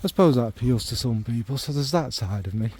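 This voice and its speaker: Mellow-voiced man musing. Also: mid-range voice, lively intonation, fast. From North Midlands of England. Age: middle-aged. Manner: rambling, self-deprecating, full of ums and asides. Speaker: fragrance vlogger. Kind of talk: casual spoken monologue.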